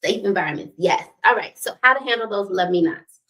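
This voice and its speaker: A woman's voice: medium pitch, expressive, brisk, a bit bright. A middle-aged woman hosting a relationship talk, preaching with faith references, repeating key points and asking "right?" often. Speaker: host of a relationship talk stream.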